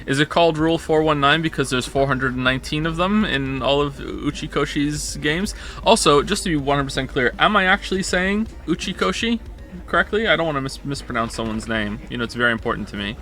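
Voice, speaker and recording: Bright-voiced man, rambling stream chat. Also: on the high side, expressive, a little fast, faint music behind. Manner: rambling, self-correcting, jokey.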